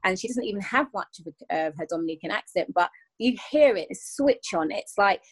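Guest voice: earnest woman in her thirties, mid-pitched, reflective and repetitive. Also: expressive, brisk, few pauses, breathy edge. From England. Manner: earnest, circles back and repeats while searching for words. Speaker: podcast guest. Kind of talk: reflective conversational interview.

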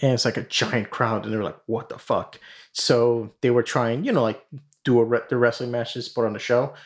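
A man's voice: medium pitch, steady tone, fairly quick. A man hosting a podcast, casually retelling a story in a rambling way full of fillers and swearing. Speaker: podcast host.

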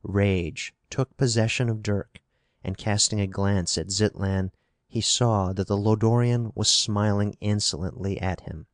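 A man narrating a pulp science-fiction novel in an even, measured reading style. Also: lowish voice, no echo, clean studio sound. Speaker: audiobook narrator.

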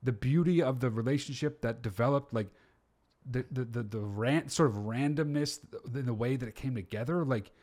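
A man hosting a podcast, reacting in a rambling, excited way with fillers and casual swearing. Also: medium pitch, moderate pace. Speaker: podcast host. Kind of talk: casual interview chat.

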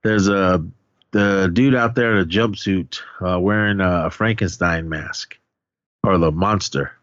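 Lower-voiced guy retelling a movie plot, swears a lot, dry dull-sounding mic. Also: unhurried, a bit bright, no room sound. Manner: rambling, profane, laughs often, acts out characters' lines. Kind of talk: casual movie recap chat.

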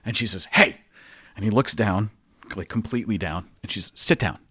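A priest hosting a podcast tells casual, animated anecdotes with lots of laughter. His voice is lowish and breathy-edged, fairly quick, with no room sound.

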